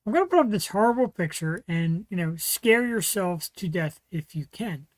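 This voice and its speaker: A male host talks through his own livestream in a loose, rambling way, stacking fillers and restarts as he goes. His voice sits close and dry on a desk mic with no room sound. He sounds relaxed and unscripted. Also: high-pitched, normal speed, no echo, poor audio. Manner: rambling, chatty, full of fillers. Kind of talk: casual solo livestream chat.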